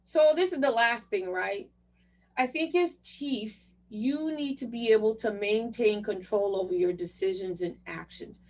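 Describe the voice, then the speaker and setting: A woman's voice: on the high side, unhurried, distant mic. A woman giving a motivational conference talk to new chief residents, direct and encouraging. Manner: direct, encouraging, addresses audience as "you guys". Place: virtual conference session.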